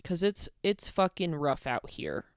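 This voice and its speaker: A woman vlogger talking in a candid, rambling personal rant, swearing freely and filling pauses with "like". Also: sits low, big pitch swings, smooth, no room sound, studio quality.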